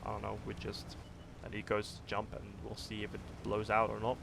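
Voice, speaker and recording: Gravelly man streaming a tank game. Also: on the low side, fairly quick, background noise. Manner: thinks aloud, rambling and relaxed, swears casually. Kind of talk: casual livestream commentary.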